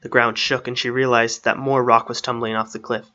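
A man narrating a fantasy story aloud in a steady storytelling manner. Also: mid-range voice, brisk, dull audio.

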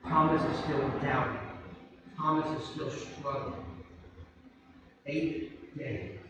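A man's voice: on the high side, slow. A man preaching a sermon as a pastor, emphatic and rising sharply when he fires off rhetorical questions. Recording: echoey hall, voice from far off.

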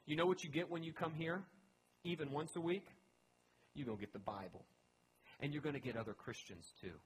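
A man's voice: on the high side, brisk, slight background noise, poor audio. A man pastor giving a conversational sermon, earnest and emphatic, often restarting his phrases.

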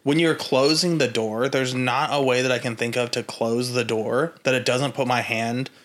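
A man's voice: mid-range voice, steady tone, moderate pace, fairly bright tone. A man co-hosting a casual podcast chat, blunt, wry and profane. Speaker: podcast co-host.

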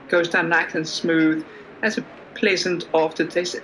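A woman's voice: unhurried, slight background noise, poor audio. Playful woman game master narrating. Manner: lively, playful narration with wide pitch swings.

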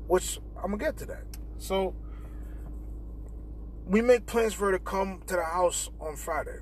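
A man's voice: high voice, moderate pace, a little hiss or hum. Young man telling a profane story. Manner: profane, animated retelling with quoted dialogue. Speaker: podcast host. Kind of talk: casual storytelling. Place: in a car.

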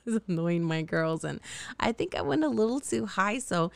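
A woman in her thirties hosts a candid solo podcast, blunt and profane, often laughing at herself. Her medium-pitched voice is animated and gravelly at normal speed, her throat slightly sore and scratchy, in a dry recording.

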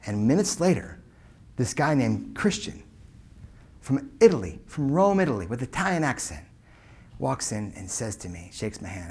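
A man in his forties telling a customer service story as a keynote speaker, emphatic, swinging between loud punches and hushed asides. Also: mid-range voice, very animated, normal speed, breathy edge.

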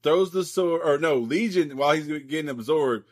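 A man's voice: on the high side, normal speed, no echo, clean studio sound. A man co-hosting a podcast, casually recapping a comic book in a loose, rambling way, swearing freely and leaning on lots of fillers. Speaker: podcast co-host.

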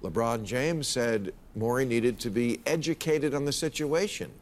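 A man's voice: medium pitch, normal speed. Matter-of-fact man, wry.

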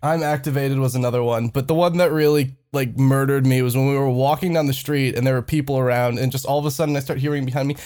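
A man's voice: mid-range voice, steady tone, fast, hardly any pauses, darkish tone. A young man in casual chat with friends, telling stories in a loose and profane way.

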